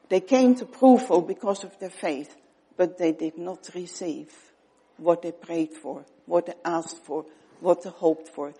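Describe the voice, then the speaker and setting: Woman preacher, earnest, soft breathy delivery with pauses. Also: fairly low pitch. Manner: earnest, pausing, drops to soft tones for emphasis. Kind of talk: sermon.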